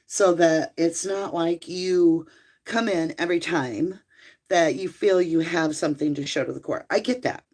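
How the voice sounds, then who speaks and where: A woman hosting a livestream, reading a court ruling aloud from a room at home and breaking off to talk to her viewers by name. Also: low-pitched. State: out of breath.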